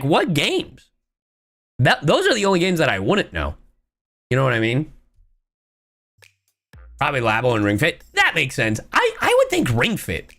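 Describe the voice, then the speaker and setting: Young woman streamer, wildly swinging pitch. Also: a bit bright. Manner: exasperated, swearing, rapid-fire ranting; reads viewer chat and thanks subscribers. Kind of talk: ranting live-stream reaction.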